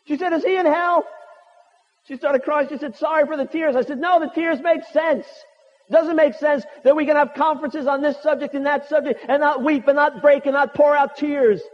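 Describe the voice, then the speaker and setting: A man's voice: very high voice, fairly even intonation, a little fast. A man preaching a sermon with impassioned, rhetorical repetitions. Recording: muffled audio with long hall reverb.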